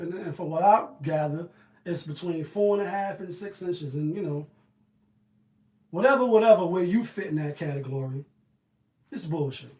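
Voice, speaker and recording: A man riffs on the day's news in loose, slangy commentary, animated and quick with his asides. His voice sits fairly high for a man. The sound is roomy, with a noticeable echo off the walls of the space he is recording in. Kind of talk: casual commentary vlog.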